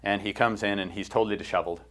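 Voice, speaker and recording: A man's voice: fairly low pitch, steady tone, rapid-fire, fairly bright tone. A middle-aged man hosting a casual podcast chat, retelling a counseling story with quoted lines and frequent fillers. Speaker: host.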